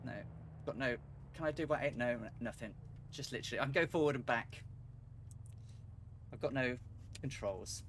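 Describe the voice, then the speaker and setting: A man's voice: medium pitch, moderate pace, long pauses, a bit bright, a little hiss or hum. A man streaming a flight simulator, chatting ruefully to viewers and laughing at his own mishaps. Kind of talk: live game stream commentary.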